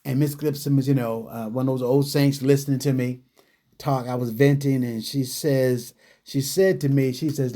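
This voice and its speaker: A man hosting a radio talk show, telling stories in an animated way with frequent restarts and fillers. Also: mid-range voice, normal speed. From New York City.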